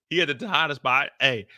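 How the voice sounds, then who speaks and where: A man's voice: on the high side, pushed and bright, dry recording, clean studio sound. A man giving loose, joking, slang-filled commentary after a TV episode. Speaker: show commentator. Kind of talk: casual after-show commentary.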